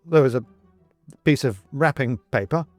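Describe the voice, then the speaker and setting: A man's voice: mid-range voice, normal speed, a little mellow, no room sound, faint music behind, natural voice. A man voicing a frightened, flustered little man who stammers and panics.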